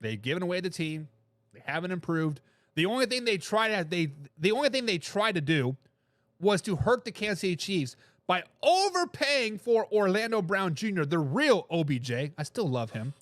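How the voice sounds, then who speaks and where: Emphatic high-voiced male sports host. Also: big pitch swings, moderate pace, dry recording. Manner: emphatic, repeats his points; laughs between remarks. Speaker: sports talk show host. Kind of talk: casual sports commentary, reading viewer comments.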